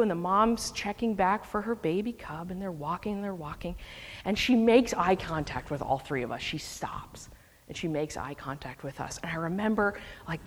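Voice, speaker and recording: A woman telling a lively personal story to a congregation, laughing often and acting out what people said. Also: fairly low pitch. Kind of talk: storytelling sermon. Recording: hall with long reverb.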